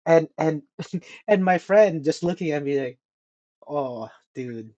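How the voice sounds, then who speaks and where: A young man casually telling a story on a podcast, animated, swearing and laughing often. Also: a little high, a little slow, lo-fi sound. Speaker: podcast co-host.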